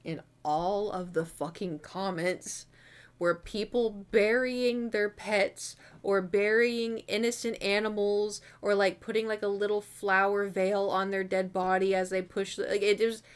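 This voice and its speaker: A woman's voice: medium pitch, fairly even intonation, measured pace, smooth. A young adult woman streaming from her room at home, chatting candidly and rambling with lots of fillers and the odd swear word. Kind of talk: casual chat.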